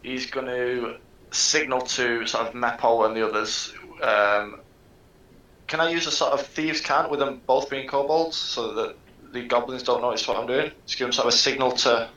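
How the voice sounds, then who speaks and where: Male tabletop player, bright and tense tone, echoey room, rambling and casual. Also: medium pitch, normal speed. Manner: laughing, rambling, loose with fillers. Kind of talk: casual tabletop game talk.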